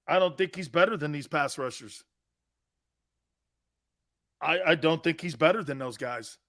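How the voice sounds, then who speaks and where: A middle-aged man hosting a sports talk show in casual chat, laughing often and breaking into loud outbursts. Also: a little high, a little slow, long pauses, no room sound, clean studio sound.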